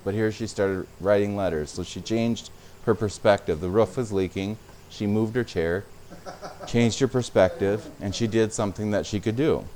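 A man's voice: lowish voice, normal speed, darkish tone, a little hiss or hum. A man preaching a sermon as a pastor, speaking conversationally and sometimes repeating words.

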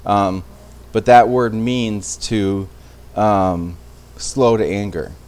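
A man with a somewhat low voice teaches an evening Bible study in a relaxed, conversational way. He often restarts his phrases and checks in with his listeners along the way. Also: extremely slow. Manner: conversational, with frequent restarts and tag questions.

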